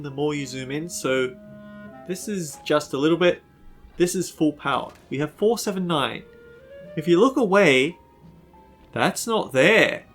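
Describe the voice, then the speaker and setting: A man with a fairly high voice gives casual commentary over his gameplay, musing and hesitating as he talks. Faint game music runs beneath his voice. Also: fairly bright tone. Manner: chatty, musing, with frequent hesitations. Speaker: let's play host.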